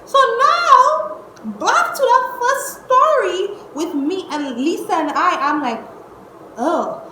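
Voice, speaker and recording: A young woman, telling a storytime vlog at home in an exasperated, animated way, cursing and using slang. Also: very high-pitched, takes it slowly. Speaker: vlogger. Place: indoors at home. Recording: echoey room with faint noise.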